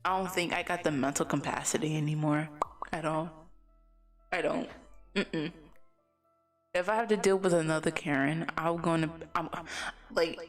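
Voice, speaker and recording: A woman's voice: deep voice, fairly even intonation, moderate pace, pauses often. A young woman livestreamer telling a story in casual chat, rambling with lots of "like" and restarts and laughing often. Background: faint music.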